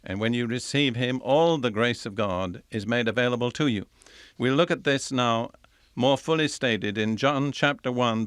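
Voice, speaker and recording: An older man, a Bible teacher, delivers a recorded sermon, reading scripture with measured emphasis and then unpacking it. His middle-pitched voice is a bit bright, and the recording is close and dry with no room sound.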